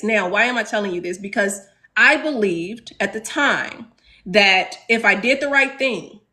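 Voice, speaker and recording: Bright-voiced woman telling a personal story. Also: medium pitch. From South Side of Chicago. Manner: earnest, emphatic storytelling with repeated rhetorical questions. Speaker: teacher leading a class discussion. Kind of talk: personal story told to a class.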